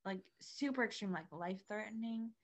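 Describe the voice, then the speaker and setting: A woman's voice: mid-range voice, a little fast. A young woman guesting on a casual podcast, speaking earnestly and hesitantly with many fillers.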